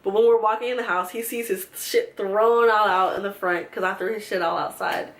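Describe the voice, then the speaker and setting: A young woman telling a storytime vlog, animated and swearing freely as she acts out what people said. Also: mid-range voice, brisk, reverberant. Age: young adult. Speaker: vlogger.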